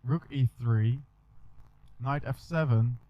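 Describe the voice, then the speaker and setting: A man's voice: mid-range voice, slow. Man calling chess moves on a dull recording. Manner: talks through moves with small restarts. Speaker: chess coach. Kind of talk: chess video lesson.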